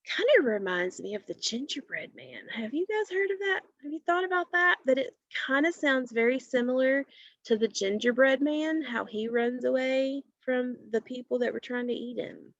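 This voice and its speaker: A woman teacher giving a recorded phonics lesson to children, explaining patiently and clearly. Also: on the high side, expressive, moderate pace, fairly bright tone, dry recording. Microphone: computer mic while screen sharing. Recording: dull lo-fi recording.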